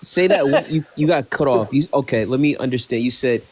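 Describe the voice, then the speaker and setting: A man's voice: mid-range voice, fairly quick, darkish tone. Casual man asking probing questions. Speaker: debate participant. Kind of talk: live online debate.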